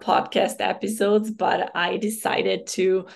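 A woman hosting a solo podcast, speaking in a hoarse voice with a slow, reflective, motivational manner. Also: mid-range voice, flat delivery. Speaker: podcast host.

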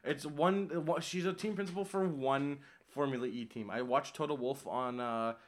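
A man co-hosting a podcast in casual chat, easygoing and quick to laugh. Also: a little high, steady tone. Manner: easygoing, laughs often while talking. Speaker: podcast co-host.

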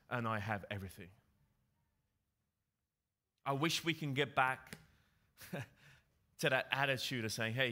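A man's voice: high voice, bright, forceful tone. A man preaching a sermon to his congregation, emphatic and repeating key phrases for effect.

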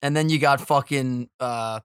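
A man co-hosting a casual podcast, excitable and giggly, swearing a lot, on a close mic. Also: mid-range voice, measured pace, smooth, no room sound. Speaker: podcast co-host.

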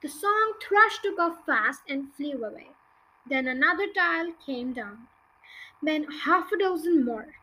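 Podcast reader: woman, expressive children's-book narration, bright tone. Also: sits high, measured pace, low-quality recording. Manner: expressive, lively read-aloud. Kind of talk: reading a children's book aloud.

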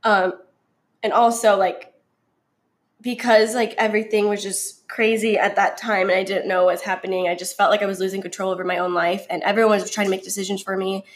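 A young woman chatting openly about her story, full of fillers, sometimes bubbly and sometimes quiet. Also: mid-range voice, flat delivery, brisk. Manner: chatty, many fillers, shifts from bubbly to subdued. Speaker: guest sharing her story. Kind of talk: casual heartfelt conversation.

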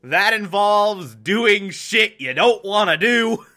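A man's voice: sits high, expressive, sharp tone, voice pushed up, heavily acted. A man voicing a stern mother who rattles off sarcastic orders to her daughter. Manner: rapid, sarcastic lecturing.

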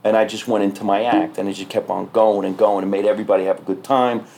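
A man, a stand-up comedian, telling stories in casual podcast talk, animated and swearing freely. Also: fairly low pitch, quick pace, creaky. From New Jersey.

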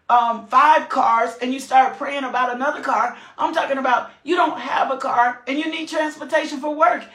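A high-voiced woman preaches a fervent sermon, swinging between urgent shouts and sudden high whoops. Her voice rings through a roomy, echoing sanctuary. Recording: echoey room.

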